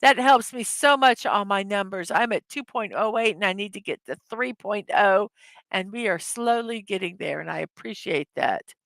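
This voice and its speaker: A woman's voice: medium pitch, lively intonation, normal speed, creaky, fairly bright tone, no room sound. A woman hosting a casual morning livestream, chatting loosely, laughing easily at her own jokes and correcting herself mid-sentence. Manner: rambling, self-correcting. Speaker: livestream host.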